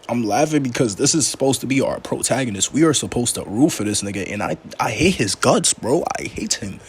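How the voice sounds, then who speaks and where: A man giving a casual, animated movie recap full of slang, acting out the characters' lines as he goes. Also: mid-range voice, a little hiss or hum. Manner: animated, slangy storytelling with frequent laughs. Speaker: movie reviewer.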